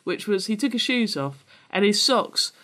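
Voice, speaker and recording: A woman's voice: mid-range voice, animated, normal speed, fairly bright tone. A woman, co-hosting a podcast in a casual chat, explaining things and telling stories at length. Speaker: podcast co-host.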